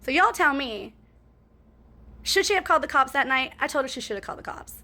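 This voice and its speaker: A woman's voice: sits high, animated, a little fast, bright, forceful tone. A woman in a casual storytime monologue, rambling and cussing as she talks to her viewers and keeps asking "right?".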